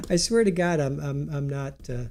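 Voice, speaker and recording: A man hosting a live stream in casual chat, rambling, laughing often and reading aloud haltingly, with a stuffy nose. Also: on the high side, expressive, dark tone.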